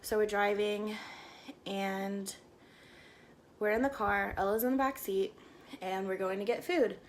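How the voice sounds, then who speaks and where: A woman's voice: medium pitch, fairly even intonation, a little slow, a little hiss or hum. A woman vlogger telling a personal story in a casual, rambling way, with fillers and self-corrections.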